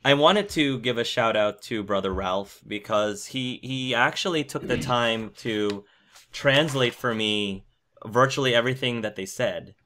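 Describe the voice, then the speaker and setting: A man's voice: medium pitch, unhurried, bright, forceful tone, slight background noise. A man hosting a casual podcast discussion of a video game, steering the talk and asking his co-hosts questions. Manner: leads the conversation, thoughtful. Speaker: podcast host.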